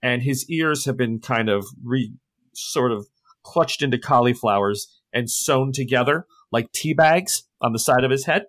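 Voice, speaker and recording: A man's voice: medium pitch, a little slow, a bit bright, dry recording. A man running a tabletop game as game master, telling the scene vividly and laughing often.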